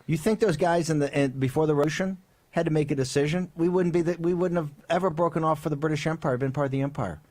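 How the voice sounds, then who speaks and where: A man's voice: a little high, fast, a little mellow. A man hosting a political talk show, delivering fiery commentary, emphatic and rhetorical, with frequent tag questions. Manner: emphatic, rhetorical, keeps asking "right?".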